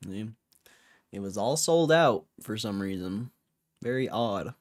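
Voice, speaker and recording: A man's voice: fairly low pitch, expressive, slow pace, pauses often. A young man hosting a livestream, chatting casually and reading viewer comments with a laid-back, rambling manner full of slang. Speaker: livestream host.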